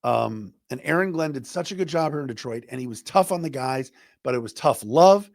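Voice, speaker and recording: A man's voice: medium pitch, lively intonation, brisk, gravelly, no room sound, studio quality. A middle-aged man hosting a sports talk podcast, giving opinionated, conversational commentary and acting out quotes as he goes. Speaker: podcast host.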